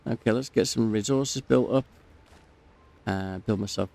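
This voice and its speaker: A man's voice: on the low side, measured pace, creaky, darkish tone. A man telling a long personal story while he plays a game, rambling with plenty of fillers and breaking off to comment on what happens on screen. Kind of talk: casual storytelling over gameplay.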